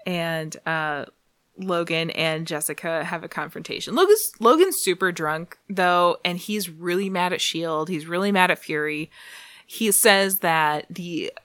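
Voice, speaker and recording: A woman's voice: fairly low pitch, measured pace, a bit bright, no echo, studio quality. A woman casually recapping a comic story, laughing often and dropping to a whisper for asides. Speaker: podcast host recapping comics. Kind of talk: casual chat.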